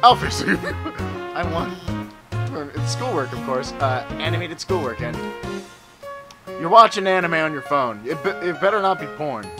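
A man narrates his gameplay in a casual, joking way, swearing and chatting to the characters on screen. His voice sits a little high and swings widely in pitch. Game music plays clearly behind him. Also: lively intonation, moderate pace, long pauses. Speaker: let's player.

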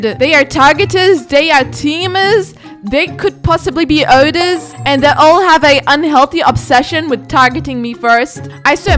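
A woman hosting a gaming video, chatting excitedly as she comments live on her gameplay. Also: high voice. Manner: chatty, excitable, quick reactions.

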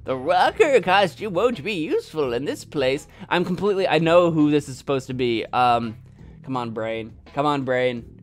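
Soft background music plays as a man hosting a gaming video narrates his own let's-play, rambling casually and joking at his own expense. He has a fairly high, animated voice and a moderate pace.

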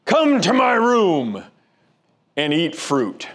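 A man playing a gruff older male preacher who barks short commands. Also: a little high, wildly swooping pitch, slow pace, a little hiss or hum, pitched above the performer's own voice, exaggerated voice. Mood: gruff barking. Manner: gruff, loud, curt commands.

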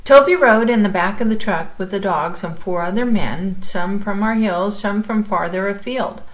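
A woman calmly reading a chapter book aloud, as if to a class. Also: mid-range voice, rough recording. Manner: calm, measured storytelling.

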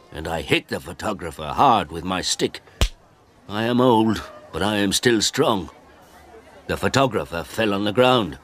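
Deep-voiced man reading a story. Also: animated, measured pace, a bit bright, a faint crowd. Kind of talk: scripted first-person story narration for English learners.

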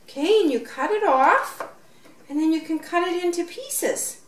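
Her very high, animated voice moves at normal speed as she films playtime with her young son. Sing-song and full of questions and encouragement, this unboxing-and-play vlog sounds roomy, recorded from a distance.

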